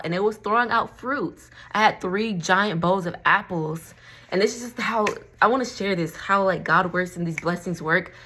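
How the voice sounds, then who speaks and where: With a low-leaning but fairly bright voice, the Florida vlogger chats to camera at home about her crystals business, rambling, laughing often, and saying "y'all."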